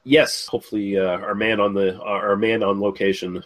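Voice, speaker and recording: A man hosts a casual film podcast, wrapping up an episode and plugging upcoming shows. His voice sits fairly low, and he talks in an easygoing way, peppering his sentences with "uh". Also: level tone, moderate pace. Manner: easygoing, frequent uh fillers. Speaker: podcast host.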